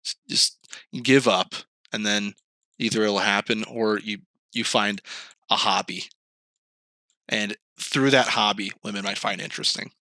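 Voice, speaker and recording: A young man hosting a podcast in casual chat, telling animated stories, swearing freely and acting out quoted voices in a higher pitch. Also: measured pace, dry recording. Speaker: podcast host.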